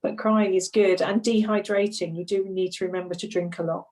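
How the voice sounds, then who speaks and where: A woman who runs a grief support group, speaking gently and reflectively in an online group discussion. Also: mid-range voice, steady tone, brisk. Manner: gentle, reflective, laughs softly between thoughts. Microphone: video call. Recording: distant video call mic.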